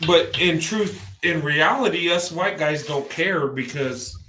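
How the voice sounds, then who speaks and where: A man's voice: on the high side, a little slow, pushed and bright, roomy sound. A man in casual conversation as a podcast host, rambling and restarting his words as he talks. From American South. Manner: rambling, repeats words when starting a thought. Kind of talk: casual chat.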